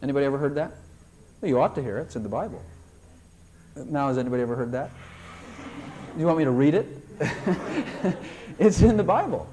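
Lively older male preacher. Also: brisk, long pauses, a little hiss or hum. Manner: animated, rising to high emphatic tones, acts out prayers and voices. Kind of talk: sermon.

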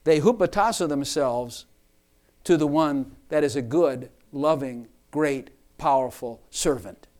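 Male preacher, fairly high voice, emphatic sermon delivery with repeated phrases. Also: a little slow, a little mellow. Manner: emphatic, repeats and rephrases lines for stress.

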